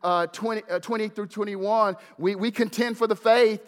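A man preaching a sermon as pastor, fervent at his peaks and hushed at his close, repeating words as he builds emphasis. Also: high-pitched, fairly even intonation, normal speed, clear, resonant tone. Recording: long hall reverb.

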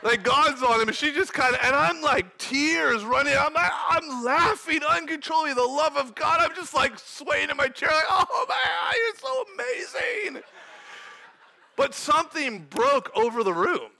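A young male preacher shares a personal story from the pulpit with animated, lively delivery, now and then breaking into shouts. His voice sits unusually high and rings with a sharp, bright edge. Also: moderate pace, gravelly, hardly any pauses. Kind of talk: sermon testimony.

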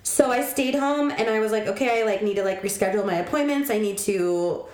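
A woman's voice: medium pitch, a little fast, darkish tone. A young pregnant woman telling stories in a casual chat with a friend, chatty and giggly, acting out quoted lines. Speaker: co-host. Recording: echoey room.

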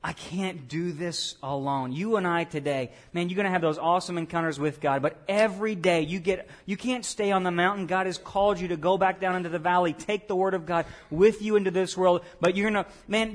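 A pastor preaching a sermon in a conversational way, tossing questions and asides to the congregation. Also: male voice, high-pitched.

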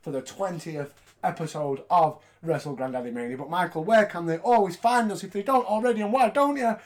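A man's voice: high-pitched, brisk. A man hosting a casual podcast, joking and swearing as he talks. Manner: joking, profane and mocking. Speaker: podcast host.

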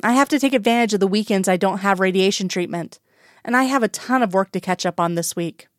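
A woman's voice: mid-range voice, quick pace, no room sound, studio quality, close to an everyday voice. A woman reading the part of a seriously ill doctor, tired and guarded, answering in short clipped lines. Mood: dismissive.

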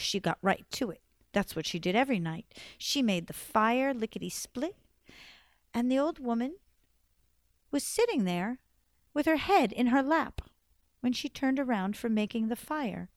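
An expressive woman storyteller telling a folktale aloud, her voice swelling and falling for drama. Her voice sits fairly high and the sound is close and dry. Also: measured pace, no room sound. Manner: expressive, lively, varies volume for drama.

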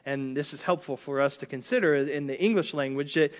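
A man's voice: fairly high pitch, brisk, highs cut off. A man preaching a conversational sermon as a pastor, often repeating words and asking the congregation questions.

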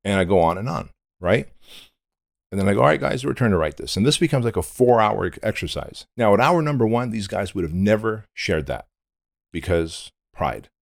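A man's voice: lowish voice, very animated, moderate pace, vocal fry, no echo, clean studio sound. A middle-aged man from Armenia, a podcast guest telling his story in a blunt, intense, candid way with casual swearing.

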